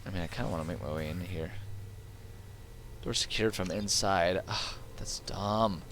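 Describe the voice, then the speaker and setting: A man's voice: low voice, moderate pace, noisy background. A male streamer giving casual, sarcastic commentary while playing, heckling the characters. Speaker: game streamer. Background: faint game music.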